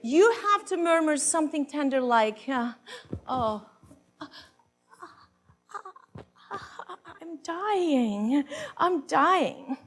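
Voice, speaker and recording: A woman's voice: high-pitched, expressive, moderate pace, few pauses, soft background music. A woman on stage playing a brash, worldly woman who coaches other ladies, with theatrical moans and a bossy, instructing manner. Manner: theatrical, swooping moans and sighs. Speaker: stage performer. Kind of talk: live comic monologue reading.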